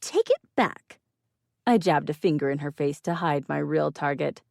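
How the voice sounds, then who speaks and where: A woman's voice: sits low, steady tone, normal speed, creaky, a little mellow, no room sound. A woman narrating an audiobook in the first person with a dry, wry delivery.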